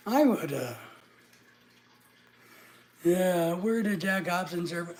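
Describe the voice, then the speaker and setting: Speaking slowly in a high-pitched voice, a middle-aged man from Arkansas pauses often as he responds to his livestream chat. He keeps it casual and sarcastically teases the viewers, with slight noise in the background.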